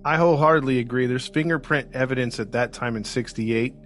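A man's voice: mid-range voice, fairly quick. A man co-hosting a true crime podcast in casual chat, hesitant and self-deprecating, often laughing. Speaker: podcast co-host.

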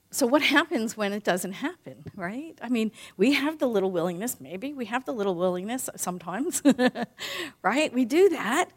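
A minister with a fairly high voice delivers a sermon warmly and conversationally. She keeps asking "right?" and slowly repeats key lines to drive them home.

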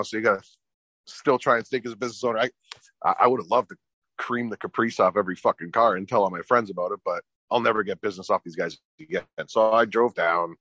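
A man's voice: medium pitch, no room sound. A middle-aged man and podcast guest telling a story casually, swearing a lot and acting out what each person said. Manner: profane, animated storyteller acting out quotes. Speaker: podcast guest, business owner.

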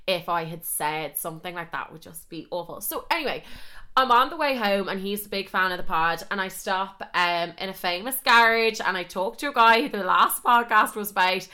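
A young woman tells a story on her own podcast, with a bright, forward tone in a middle register. Her talk is loose and chatty, full of fillers, and she swears freely as she goes. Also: medium pitch, normal speed. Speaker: podcast host. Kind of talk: casual storytelling monologue.

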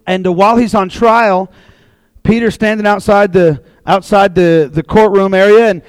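A man preaching a casual sermon to a group, telling a Bible story in a chatty, animated way. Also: sits high, moderate pace, clean tone, no echo, poor audio. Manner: chatty and animated, acting out voices in quotes. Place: room with a live audience.

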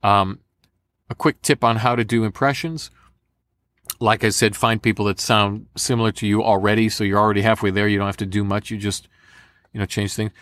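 A man, a voice actor, giving animated, repetitive advice in a casual interview. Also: fairly low pitch, fairly quick, no echo. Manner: animated, demonstrative, repeats for emphasis. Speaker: voice actor guest.

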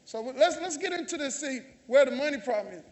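In the sanctuary, a Southern-accented pastor delivers a sermon, teasing the congregation and calling out to them. He speaks fairly quickly and animatedly in an extremely high voice through a handheld or stage microphone.

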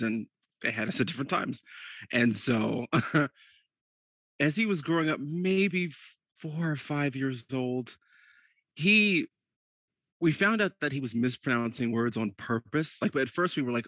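A man co-hosting a podcast, telling a family story in a lively way with frequent laughter. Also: mid-range voice, normal speed, no room sound. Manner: lively, laughs often while telling stories. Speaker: podcast co-host. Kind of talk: casual storytelling chat.

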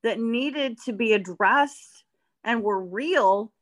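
A woman's voice: fairly high pitch, slow, a bit bright. Reflective woman coach in casual chat. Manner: reflective, chatty, restarts often. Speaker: podcast co-host, life coach.

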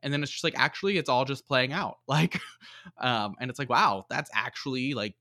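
A man's voice: mid-range voice, moderate pace, bright, forceful tone. A man casually reviewing a movie on a podcast, rambling with lots of fillers. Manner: rambling, many fillers and likes. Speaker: podcast co-host.

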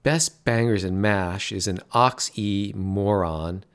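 A man's voice: on the low side, takes it slowly, clear, resonant tone. Guy voicing a sarcastic teen sister, dismissive. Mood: scornful.

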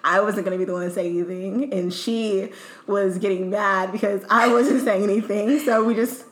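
A woman's voice: mid-range voice, steady tone, normal speed. A young woman co-hosting a podcast, talking casually with laughing, teasing banter. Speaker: podcast co-host. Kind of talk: casual chat.

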